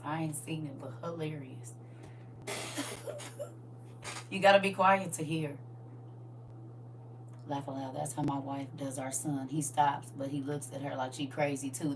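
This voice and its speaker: A middle-aged woman hosting a casual livestream, talking in a lively, folksy way to her viewers and sometimes dropping to a soft whisper. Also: low-pitched. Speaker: livestream host. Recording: distant mic with faint hum.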